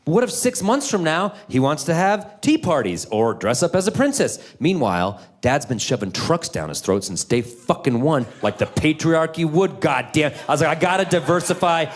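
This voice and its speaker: A man in his thirties doing a stand-up comedy set, animated, jumping into loud high-pitched voices for kids and teachers. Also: moderate pace, hardly any pauses. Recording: live in a theater with crowd laughter.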